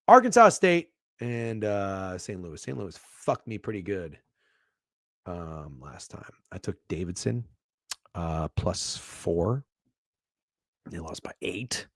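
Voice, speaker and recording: A man hosting a sports betting show, talking casually, swearing freely and swinging from hushed asides to loud bursts. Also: sits low, very animated, slow, no echo, clean studio sound. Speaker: sports betting podcast host.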